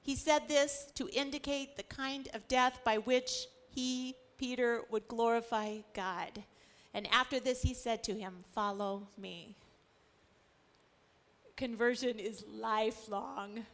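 Animated woman teaching scripture. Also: on the high side, a little slow. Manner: lively, acts out the stories. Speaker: Bible study teacher.

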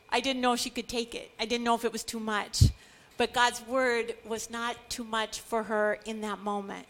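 A woman's voice: a little high, steady tone, normal speed, a bit bright. A middle-aged woman teaching a Bible study, earnest and building to emphatic declarations.

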